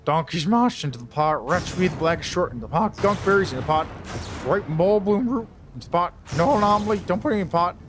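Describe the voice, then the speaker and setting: A man's voice: high voice, lively intonation, fast, background noise. A man voicing a confused, drunken male beggar who thinks he is a king, speaking in a slurred mumble. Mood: rambling.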